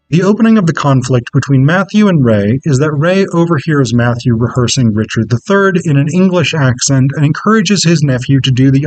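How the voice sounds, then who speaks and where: A man presenting a conference paper with a measured, scripted delivery. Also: mid-range voice, no echo, rough recording. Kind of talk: reading an academic paper.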